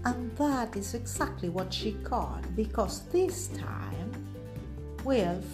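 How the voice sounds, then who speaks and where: A woman reading a children's story aloud, expressive and lingering on words. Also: fairly high pitch, takes it slowly. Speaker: storybook reader. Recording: music playing underneath.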